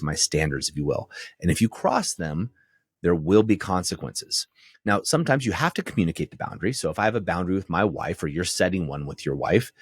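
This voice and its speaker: A man's voice: low voice, slightly rough, dry recording, studio quality. A man hosting a podcast, giving direct, firm coaching advice to men in a monologue and often checking in with "right?". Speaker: podcast host and men's relationship coach.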